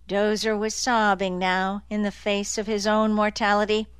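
A woman reading a novel aloud as an audiobook narrator, in an even, measured way. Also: mid-range voice, clean tone, no echo. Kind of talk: scripted narration.

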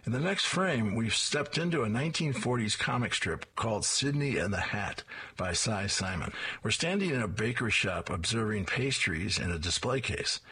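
A man's voice: on the low side, animated, moderate pace, sharp tone, breathy edge. A man describing and reading comic strips aloud in a plain, descriptive way.

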